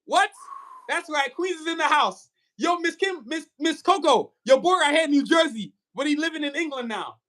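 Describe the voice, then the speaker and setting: Dude with a really high voice hosting a podcast, all hyped street banter. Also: male voice, animated, moderate pace, a bit bright. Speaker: podcast host. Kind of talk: casual interview chat.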